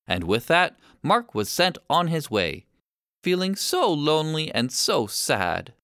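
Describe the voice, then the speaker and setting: An expressive storybook narrator reading a children's tale, the pitch rolling widely from line to line. The reading is clear and steady, recorded dry and close with no room around it. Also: unhurried, no room sound.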